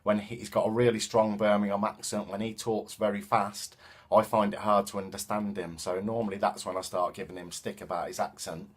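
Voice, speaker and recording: A man's voice: lowish voice, level tone, a little fast. A man with a Coventry accent, speaking in a casual, reflective way with frequent hesitations and restarts. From England. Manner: thoughtful, hesitant with many ums and restarts. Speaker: vlogger and self-defense teacher.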